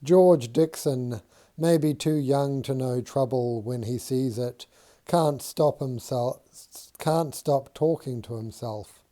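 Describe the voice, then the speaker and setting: A man reading a novel aloud in a measured, unhurried storytelling manner. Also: mid-range voice, dark tone. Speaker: audiobook reader.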